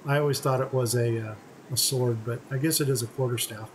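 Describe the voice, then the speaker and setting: A man giving relaxed, step-by-step commentary on a game playthrough. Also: medium pitch, fairly quick, slight background noise, rough recording. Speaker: gaming channel host.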